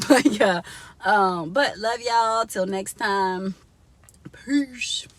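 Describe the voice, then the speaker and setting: A woman's voice: medium pitch, drawn-out words, no echo. A young woman vlogging casually from inside a car, chatty and laughing often as she talks to her viewers.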